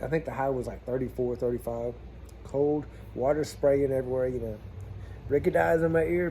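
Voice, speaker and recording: A man telling a plumbing job story in a casual vlog, animated and swearing freely as he talks to his viewers. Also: medium pitch, fairly quick, slight background noise.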